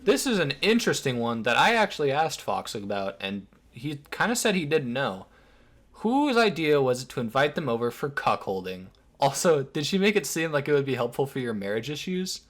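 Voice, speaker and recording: A man's voice: mid-range voice, sing-song, normal speed. A man narrating an online commentary video in a sarcastic, crude way with lots of swearing.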